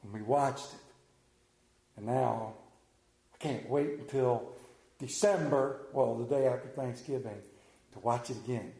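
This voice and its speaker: Mellow-voiced preacher in an echoey room. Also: male voice, mid-range voice, unhurried, gravelly, pauses often. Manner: animated storytelling, drops to a hushed voice for emphasis. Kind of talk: sermon with storytelling.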